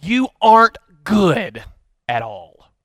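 Earnest, high-voiced male pastor preaching. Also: sing-song, slow, a bit bright, no room sound. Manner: earnest, conversational storytelling with frequent restarts. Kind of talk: sermon.

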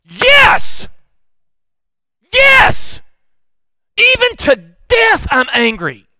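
A man's voice: high-pitched, sing-song, unhurried, fairly bright tone, no echo, clean studio sound, pitched above the performer's own voice, full character voice. A man voicing a resentful male prophet who protests indignantly to God. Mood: furious shouting.

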